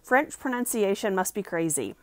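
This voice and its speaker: A woman's voice: medium pitch, expressive, moderate pace, no room sound, lightly acted. A woman reading as an earnest young navigator.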